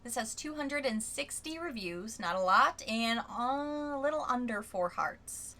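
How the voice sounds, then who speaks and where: A woman's voice: fairly high pitch, a little slow. A young adult woman reviewing beauty products in a casual vlog, reading viewer comments aloud in a chatty, candid way. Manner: chatty and candid, rereads quotes with lively emphasis. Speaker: beauty vlogger.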